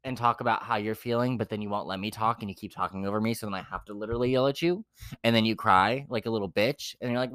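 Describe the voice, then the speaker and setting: A young man co-hosting a podcast, telling his dating stories in a blunt, profane, animated way. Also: on the low side, quick pace, clear, resonant tone, no room sound, studio quality. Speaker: podcast co-host. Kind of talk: casual chat.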